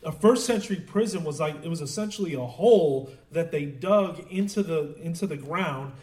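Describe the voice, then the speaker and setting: A man preaching a sermon in a relaxed, conversational way, with many fillers and restarts. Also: fairly high pitch, moderate pace. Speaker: pastor. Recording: roomy echo, voice from a distance.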